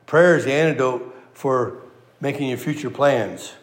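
A man's voice: medium pitch, measured pace, roomy sound. A man delivering a sermon in an easy, folksy style. He leans on repeated phrases to drive points home. His voice tends to fall away at the close of each phrase. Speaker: pastor. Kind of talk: sermon with a joke.

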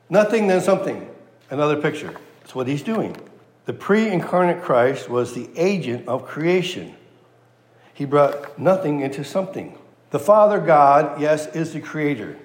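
A man preaching an expository sermon, slow and emphatic, repeating key phrases and asking his listeners questions. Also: on the high side. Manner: asks the audience rhetorical questions. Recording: roomy hall with long echo.

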